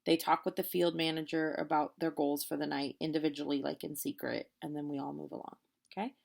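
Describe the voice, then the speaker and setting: A woman in her late twenties telling a long story in casual, animated chat, quoting people as she goes. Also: low voice, fairly quick, vocal fry. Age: 20s. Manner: animated, chatty storytelling with quoted voices. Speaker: vlogger.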